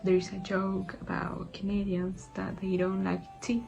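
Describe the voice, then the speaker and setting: A woman reading a scripted lesson narration in a measured, explanatory way. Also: medium pitch, monotone, gravelly, a little mellow, soft background music, rough recording. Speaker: teacher.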